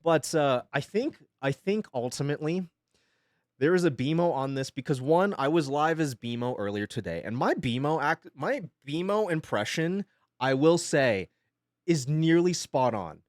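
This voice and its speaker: A man's voice: a little high, expressive, unhurried, no echo, clean studio sound. A young man chatting casually on a live stream from his home setup, rambling, swearing freely and laughing often.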